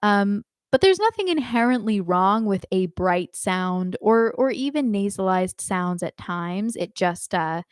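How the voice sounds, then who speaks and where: A woman singing teacher answering viewers' chat questions in a live online lesson, thoughtful and unhurried, with many ums and restarts. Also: mid-range voice, expressive, clean tone, dry recording, studio quality.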